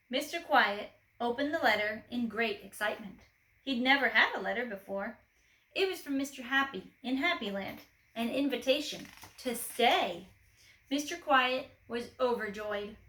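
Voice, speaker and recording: A woman reading a children's storybook aloud expressively, gently asking the listener questions. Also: on the high side, animated, moderate pace, echoey room, low-quality recording.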